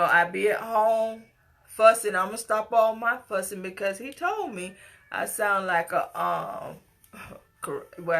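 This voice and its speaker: A middle-aged woman with a medium-pitched, fairly bright voice reacts to a news story with impassioned, scolding personal commentary, at times tearful and pleading.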